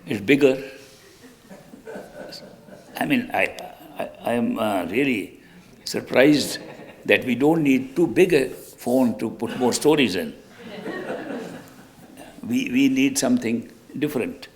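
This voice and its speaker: A man's voice: medium pitch, animated, slow pace, pauses often. A spiritual teacher, a man, telling jokes to an audience in an easygoing, chuckling way.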